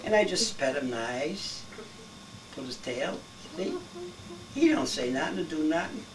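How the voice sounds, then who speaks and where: A man's voice: on the high side, lively intonation, unhurried, a crowd in the background. A man in his eighties telling old family stories in casual talk, chuckling as he goes and walking his listeners through each step. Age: 80s. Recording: distant home video with clear background noise.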